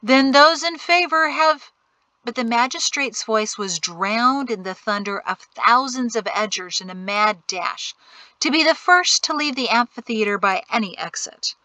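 A woman narrating an audiobook in an even, measured storytelling manner. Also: medium pitch, dry recording, rough recording. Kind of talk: scripted narration.

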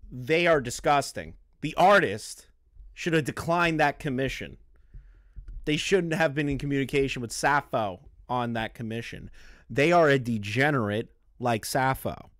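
A man's voice: mid-range voice, a bit bright, no echo, clean studio sound. Blunt, foul-mouthed male commentary host. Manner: blunt, profane, mocking. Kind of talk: reaction commentary.

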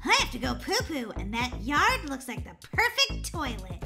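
A woman's voice: high-pitched, huge pitch swings, measured pace, full character voice. A woman voicing a silly young girl turned into a cat, giggly and goofy, full of meows. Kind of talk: voiced game role-play. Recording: music playing behind.

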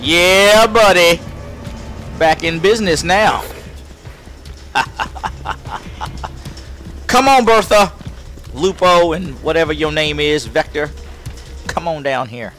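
A man doing excitable, trash-talking commentary on the game he is playing. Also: on the high side, slow pace, long pauses. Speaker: let's play gamer. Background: game music.

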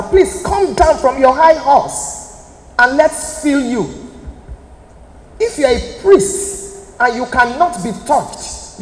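A Nigerian woman in her fifties, giving an emphatic, preacherly motivational talk that appeals directly to her audience. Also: high voice. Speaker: motivational speaker. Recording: echoey hall, faint room noise.

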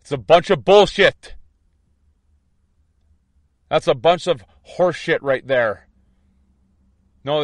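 A man's voice: a little high, no room sound, studio quality. A man giving an impassioned spiritual monologue, intense and defiant, repeating his points. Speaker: online preacher.

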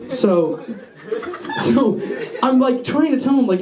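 High-voiced young man doing stand-up. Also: animated, slow pace, pauses often, reverberant, low-quality recording. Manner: profane, rambling storytelling with crowd asides. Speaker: stand-up comedian. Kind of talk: stand-up set. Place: small basement venue with a live audience.

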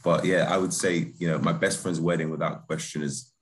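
A man's voice: very deep voice, steady tone, fairly quick. A man, a film director talking casually as an interview guest, laid-back and laughing easily, with many restarts and fillers. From Britain.

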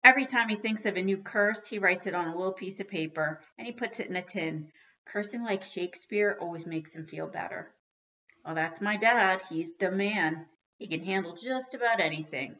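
A woman reading a children's book aloud with expressive storytelling. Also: medium pitch, normal speed, muffled recording. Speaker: reader.

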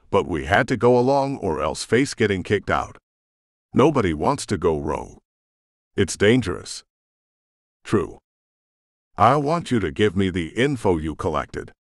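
Deep-voiced male audiobook narrator. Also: dry recording, clean studio sound. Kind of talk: first-person audiobook narration.

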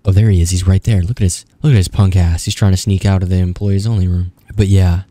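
A man's voice: deep voice, flat delivery, fast talker, mellow, dry recording. A young man giving casual, profane gameplay commentary, rambling and talking back at the screen. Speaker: gaming YouTuber.

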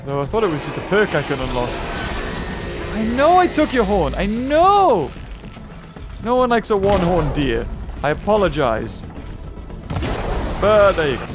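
A man giving excitable let's-play commentary, chatting to enemies with yelps and laughs. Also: fairly high pitch. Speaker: gameplay commentator. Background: game music.

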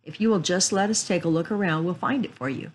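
A woman's voice: lowish voice, quick pace, lightly acted. A woman voicing a courteous, eager teenage boy detective. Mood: firm.

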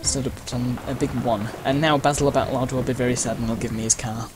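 Over game music and sound effects, a man with a mid-range voice gives rambling let's-play commentary while he races. His intonation stays fairly even and his speech is fairly quick, packed with uhs, side stories and playful exclamations.

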